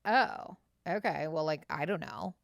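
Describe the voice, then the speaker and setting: A woman co-hosting a podcast, telling stories in casual chat with a blunt, profane, animated manner. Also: low voice, unhurried, creaky, dry recording, clean studio sound. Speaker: podcast co-host.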